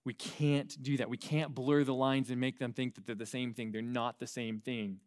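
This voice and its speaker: A young adult man from the United States preaching an earnest sermon to young people, swinging between loud emphasis and quiet asides. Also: medium pitch, flat delivery, normal speed. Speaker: youth pastor.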